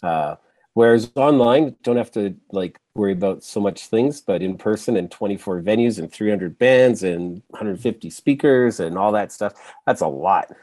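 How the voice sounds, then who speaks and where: Man, podcast host, low voice, dry sound, chatty anecdotes, fillers, video call. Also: lively intonation, normal speed, mellow, dry recording. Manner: chatty anecdotes, filler-heavy, laughs easily. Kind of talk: casual conversational interview.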